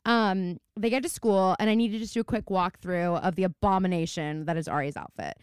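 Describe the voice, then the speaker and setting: A young adult woman co-hosting a podcast, recapping a TV show in a casual, animated and playfully dramatic way. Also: lowish voice, a little fast, clear, resonant tone, no room sound, clean studio sound. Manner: animated, playfully dramatic, slips into mock voices. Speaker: podcast co-host.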